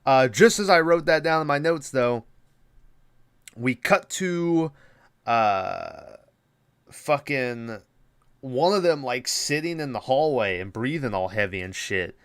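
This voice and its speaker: A man's voice: mid-range voice, lively intonation, takes it slowly, clear, resonant tone. A man hosting a podcast, recapping a horror movie in a casual, rambling way with lots of swearing and fillers. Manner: rambling, profane, many fillers. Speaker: podcast host.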